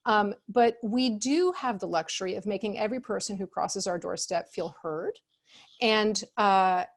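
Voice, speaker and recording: A woman presenting as an expert in an online workshop, speaking calmly and conversationally with many fillers, acting out example phrases in changed tones. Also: medium pitch, measured pace. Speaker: expert speaker on customer service.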